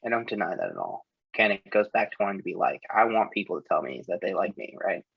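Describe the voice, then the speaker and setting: A man's voice: low-pitched, big pitch swings, fast talker, vocal fry, husky, lo-fi sound. A man who coaches, chatting as a podcast guest and telling an open, emotional story. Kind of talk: casual chat.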